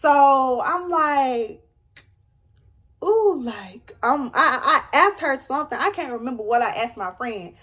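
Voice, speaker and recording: A young woman telling a dramatic storytime to her viewers, animated and emphatic. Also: high-pitched, takes it slowly. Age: young adult. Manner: animated, dramatic retelling with rising squeals. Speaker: storyteller vlogger. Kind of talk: storytime vlog.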